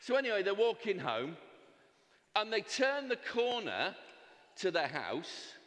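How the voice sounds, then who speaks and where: Animated male storyteller in a hall. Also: sits high, a little slow. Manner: animated, breaks off for audience asides. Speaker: speaker at a fundraising event. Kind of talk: comic storytelling with slides. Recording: reverberant hall.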